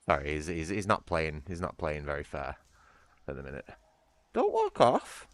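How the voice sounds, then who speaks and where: A man's voice: a bass voice, fairly quick, creaky, fairly bright tone, no echo. A British man chatting casually on a livestream, rambling between coaxing calls to his cat. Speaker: streamer.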